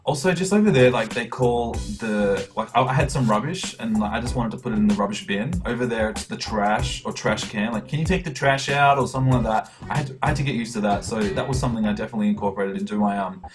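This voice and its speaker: A man's voice: on the low side, fast, hardly any pauses, music in the background. A young man with an Australian accent, chatting casually to camera about his travels and laughing at his own stories. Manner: chatty, laughing, acts out quotes. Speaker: vlogger.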